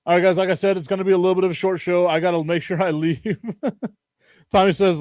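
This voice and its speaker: A Chicago man hosts a laid-back sports talk stream, cracking jokes, rambling, and laughing a lot. His voice runs slightly high for a man, brisk with a darkish tone, and the recording is dry and close with no room echo.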